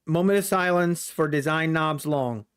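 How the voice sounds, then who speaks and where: A man's voice: fairly high pitch, moderate pace, a bit bright, clear, resonant tone. A man hosting a live day trading stream, chatting with viewers, laughing a lot and joking in mock panic about market drops. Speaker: day trading livestream host.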